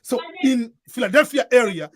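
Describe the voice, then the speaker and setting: A man's voice: extremely high pitch, expressive, normal speed, a bit bright, dry recording. A man from East Africa with an East African accent, giving earnest advice in a casual chat and often repeating and restarting his phrases. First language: Swahili. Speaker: guest giving advice to newcomers.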